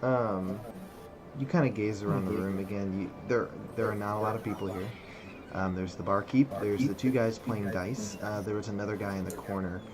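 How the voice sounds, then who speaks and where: A man narrating as game master over an online call, relaxed, with many fillers. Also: lowish voice, moderate pace.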